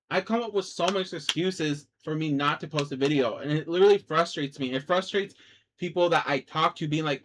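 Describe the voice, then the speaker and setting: A man's voice: fairly high pitch, fairly quick, fairly bright tone. A man vlogging casually to camera, rambling in a chatty, self-deprecating way through a cheap microphone. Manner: chatty and self-deprecating, with many fillers like "dude" and "like". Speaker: vlogger starting a gaming channel.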